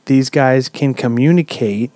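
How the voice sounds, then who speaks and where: A man hosting a podcast, telling a story in a relaxed, chatty way with lots of "um"s and casual swearing. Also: mid-range voice, measured pace, dry recording. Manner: relaxed, swears freely, many "um"s. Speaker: podcast host.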